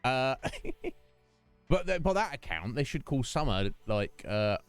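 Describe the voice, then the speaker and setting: A British man streaming a game, musing aloud to his viewers in a relaxed, rambling way with plenty of ums and restarts. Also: medium pitch, takes it slowly, clear, resonant tone, no room sound, soft background music. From United Kingdom. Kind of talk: casual chat during a game stream.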